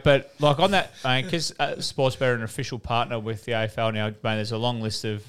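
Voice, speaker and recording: A man's voice: mid-range voice, fairly even intonation, brisk, a bit bright, clean tone. An Australian man in casual podcast chat, telling anecdotes, swearing often and laughing as he goes. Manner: swears freely, laughs while telling stories.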